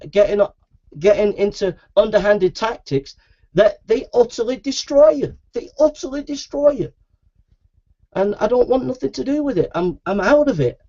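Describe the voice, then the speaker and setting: Dull, lo-fi webcam audio carries a man's high-leaning, dark-toned voice as he repeats himself in an aggrieved, insistent, heated rant. He is a Christian preacher and video maker addressing the camera in a monologue that keeps circling back.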